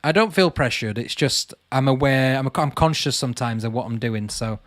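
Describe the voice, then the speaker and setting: A man's voice: mid-range voice, moderate pace, no echo, studio quality. Chatty man on a livestream. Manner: chatty, calls viewers mate, reads comments aloud. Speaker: channel host answering live chat. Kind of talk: casual livestream chat.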